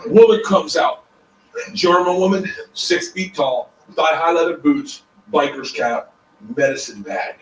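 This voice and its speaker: A stand-up comedian with a high voice tells a story in a profane, animated way and bursts into shouting. He is picked up from far off in a roomy space, with steady noise behind him. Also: measured pace.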